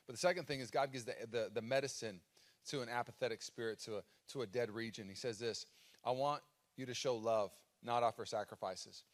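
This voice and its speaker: Speaking a little fast in a medium-pitched voice, an American pastor in his thirties gives a live sermon over a stage microphone in a church auditorium. His storytelling is animated, with his own cries dramatically acted out.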